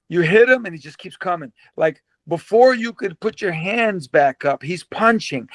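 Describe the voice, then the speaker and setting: A man in his fifties with a fairly high, bright-edged voice, recorded close and dry with no room sound. He tells stories in an animated way, laughing often and repeating words as he goes. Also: dry recording. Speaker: guest, former pro boxer. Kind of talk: casual storytelling interview.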